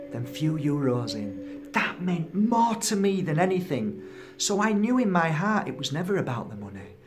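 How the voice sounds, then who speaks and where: A man, a spiritual healer and teacher, gives a motivational talk with an impassioned, emphatic, preaching delivery. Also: on the high side. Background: music.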